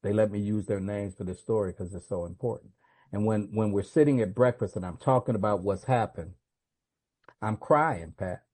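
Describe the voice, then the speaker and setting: A man's voice: lowish voice, normal speed, a little mellow. A man, a guest speaker at a recovery meeting, answers a question with earnest, confessional storytelling. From United States.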